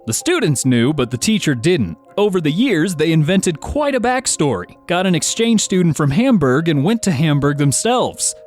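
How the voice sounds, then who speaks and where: Brief: narrator reading internet confessions, expressive and varied in pitch, quick chatty asides, faint music bed. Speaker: narrator reading online posts and comments. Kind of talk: scripted narration with casual asides.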